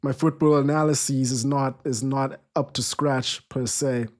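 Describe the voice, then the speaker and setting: A man's voice: mid-range voice, fairly even intonation, measured pace. A man hosting a live football watchalong stream, chatting casually, restarting sentences and reading viewer comments aloud.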